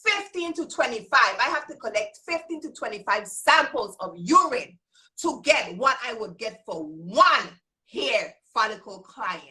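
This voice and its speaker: High, bright-voiced woman coaching emphatically. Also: sing-song, unhurried, poor audio. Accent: Virgin Islands. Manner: emphatic and repetitive, drilling points home; folksy, addresses listeners as y'all. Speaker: business trainer and host. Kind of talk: live coaching talk.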